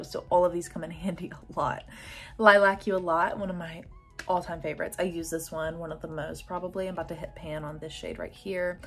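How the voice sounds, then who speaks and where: A young woman, chatting eagerly about her makeup palettes in a casual vlog. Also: fairly low pitch. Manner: gushing, chatty, lots of "like" and "oh my God". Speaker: beauty vlogger. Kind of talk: casual makeup collection chat.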